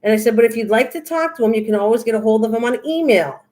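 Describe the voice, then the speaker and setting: Speaking fast in a slightly high, expressive, somewhat mellow voice, an older woman hosts a crafting livestream. She keeps up a casual chat with her live audience, voicing their comments aloud before answering.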